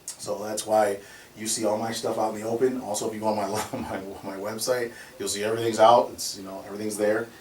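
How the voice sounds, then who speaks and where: A security company owner tells stories conversationally, animated and laughing often. His voice is lowish and a little fast, picked up by a distant mic in a roomy space with faint noise.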